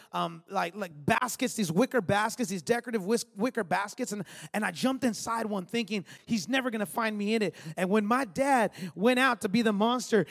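A pastor in his thirties delivers a sermon in a strikingly high, slightly bright voice with vocal fry, telling stories conversationally and tossing emphatic asides to the congregation. The long reverb of a large hall surrounds his words.

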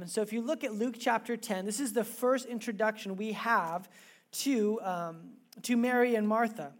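Woman preacher, sermon delivered as casual animated storytelling, chatty asides. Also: medium pitch.

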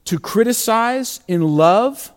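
A male pastor preaching a sermon, reading scripture aloud and stressing key words with dramatic pauses and bursts of intensity. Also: extremely high pitch, animated, a little hiss or hum.

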